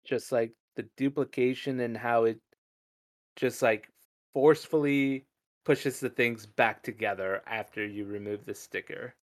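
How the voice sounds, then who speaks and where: A man hosts a relaxed podcast conversation with a mid-range voice. He rambles through his points with lively energy and laughs easily as he goes. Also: medium pitch, unhurried. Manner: rambling, animated, laughs often. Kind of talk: casual chat.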